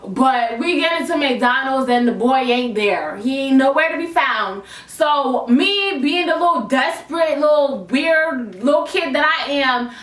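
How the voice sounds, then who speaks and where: A young woman chats through a personal story in a lively, playful, slangy storytime manner, her voice pitched high. She sounds like she's recording alone in her bedroom, with the room echoing and the mic set some way back from her. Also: measured pace, few pauses. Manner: animated, playful and conversational, with a raised on-camera voice. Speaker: YouTuber telling a personal story. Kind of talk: storytime vlog, casual slangy chat. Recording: echoey room, mic at a distance.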